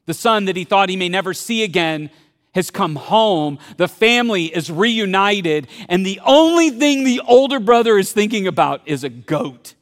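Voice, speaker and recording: High-voiced preacher in a reverberant hall. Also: male voice, animated, normal speed. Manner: conversational, asks the audience questions; swings between loud bursts and hushed tones. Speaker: pastor. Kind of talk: sermon.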